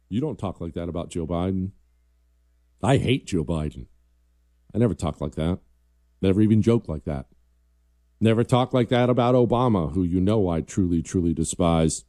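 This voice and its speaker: A man's voice: deep voice, expressive, normal speed, pauses often, warm tone, no room sound, clean studio sound. A man hosting a political commentary show, talking in a combative, emphatic way and reading viewer emails. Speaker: host.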